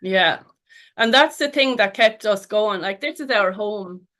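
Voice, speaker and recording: A woman's voice: mid-range voice, measured pace, a bit bright. A middle-aged Irish woman, a podcast guest, telling a long story in a chatty way with frequent laughs and fillers. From Ireland. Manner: chatty, laughs often, many fillers and restarts. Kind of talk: casual storytelling interview.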